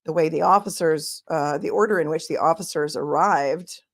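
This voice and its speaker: A woman's voice: low-pitched, moderate pace. A middle-aged woman with a Boston accent hosting a casual livestream as an attorney, reading viewer messages aloud and chatting about the day in court. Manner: chatty, warm thanks to viewers, thinks aloud. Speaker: attorney and trial commentary host. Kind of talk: casual livestream chat reading super chats.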